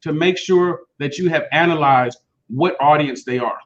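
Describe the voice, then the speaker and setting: Male educator, fairly high voice, lively storyteller, muffled lo-fi recording. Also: moderate pace. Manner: animated, slips into quoted voices of students. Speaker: teacher and speech coach. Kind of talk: casual podcast chat.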